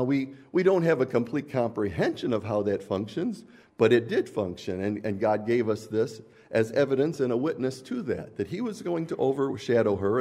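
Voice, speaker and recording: A man's voice: medium pitch, warm tone. A man preaching a sermon, explaining scripture in an earnest teaching tone.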